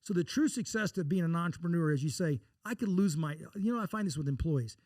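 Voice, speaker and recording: A blunt, folksy man from Texas, speaking as an investor guest on an interview show. He talks at a fast clip in a fairly high register and slips into acting out the dialogue in his stories. The sound is close and dry. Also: expressive, darkish tone, dry recording. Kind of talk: casual interview storytelling.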